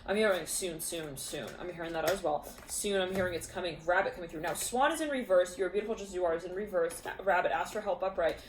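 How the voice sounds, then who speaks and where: A woman's voice: on the low side, quick pace, few pauses, roomy sound, slight background noise. A woman giving a casual spoken tarot reading, chatty and full of fillers, giggling often. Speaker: tarot reader.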